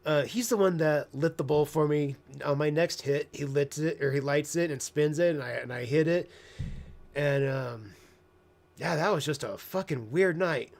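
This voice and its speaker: A man talks through a personal story in a loose, unscripted monologue. He is blunt and profane, trailing off and circling back, with dry sarcastic asides. His voice sits a little higher than most men's. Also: moderate pace. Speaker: host.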